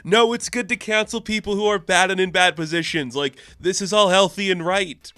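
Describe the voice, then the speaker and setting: Man doing a frantic, shouting trickster villain, high and loud, urgent, dry mic. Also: moderate pace, no echo.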